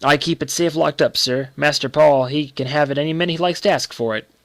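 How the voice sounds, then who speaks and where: A man playing a deferential, secretive groom who speaks respectfully in a hushed, confiding manner. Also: fairly high pitch, a little fast, no echo, natural voice.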